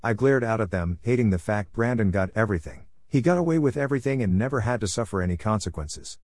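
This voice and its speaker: A man reading a first-person story in a steady, even way. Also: lowish voice, quick pace, no echo. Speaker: narrator.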